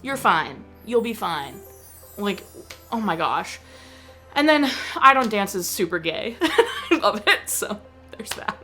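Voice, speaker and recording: A young woman vlogger ranting in casual chat about a movie, animated and exasperated, with lots of filler words. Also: medium pitch, slow pace, faint music behind.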